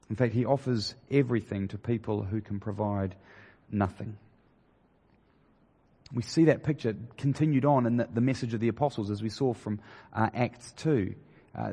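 A man preaching a sermon in a conversational, halting way, with many fillers and restarts, in a church hall. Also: on the low side, vocal fry, dark tone, slightly rough. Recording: long hall reverb.

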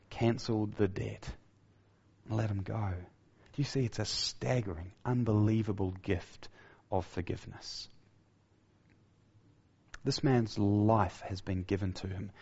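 A man preaching a sermon. He talks emphatically, repeats key phrases, restarts his sentences often and drops to a soft low voice for key points. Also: gravelly, breathy edge, dull audio.

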